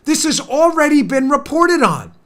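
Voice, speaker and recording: High-voiced emphatic male talk show host. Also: big pitch swings, fairly bright tone. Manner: emphatic, repeats points for stress, quick asides. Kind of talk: political commentary talk show.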